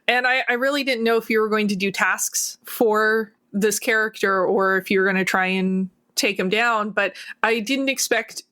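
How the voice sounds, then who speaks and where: A woman's voice: medium pitch, fairly even intonation, normal speed, few pauses, fairly bright tone, smooth. A woman in a mid register leads a casual talk after a campaign. She asks the players questions and praises their choices in an upbeat way. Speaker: game master and host. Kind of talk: casual discussion of a finished campaign.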